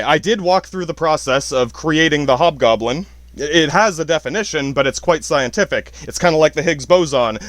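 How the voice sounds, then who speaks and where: A man's voice: on the high side, a bit bright, dry recording. A man hosting a podcast, talking in a rambling, profane monologue and laughing often between his points. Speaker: podcast host. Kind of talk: casual monologue.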